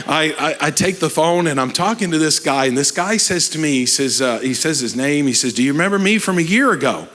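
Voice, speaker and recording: A middle-aged man, a pastor telling a testimony story in a sermon, acting out the voices of the people in it. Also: on the high side. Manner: animated storyteller acting out quoted dialogue.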